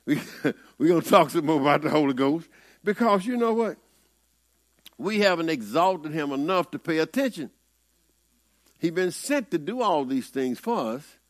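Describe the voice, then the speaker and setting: A Southern preacher man with a fairly high voice that swoops up and drops low, talking to his congregation in a folksy, conversational way. He preaches in a plain sermon style, full of asides and questions. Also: lively intonation, normal speed.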